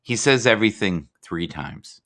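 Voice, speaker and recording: A man hosting a casual livestream chat, talking in a rambling, jokey, animated way. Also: on the low side, moderate pace. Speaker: livestream host. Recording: home computer mic.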